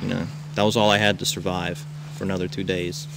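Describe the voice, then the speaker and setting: A man's voice: deep voice, fairly quick, creaky. Man spinning a tall tale outdoors. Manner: animated, shouts quoted lines. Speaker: camp counselor. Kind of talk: tall-tale storytelling to campers. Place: outdoors at a rural camp. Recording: noisy outdoor camcorder recording.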